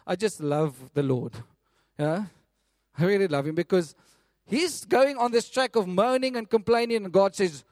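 Male preacher, sermon, animated storytelling, high-pitched, dry close recording. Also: normal speed, no room sound. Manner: animated, storytelling with frequent laughs and repeats.

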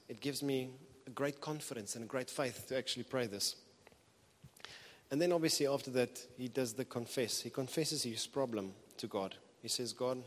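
A man preaching a sermon in a conversational, earnest way, with animated bursts of emphasis. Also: medium pitch. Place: church hall. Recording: reverberant hall.

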